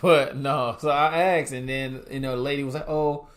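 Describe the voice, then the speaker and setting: A young man co-hosting a relaxed podcast chat, with a voice of ordinary pitch. He tells a long story with energy, jumping into the voices of people he met. Casual and chatty throughout. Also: moderate pace, crowd noise. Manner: animated storyteller, acts out his own quotes. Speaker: podcast co-host.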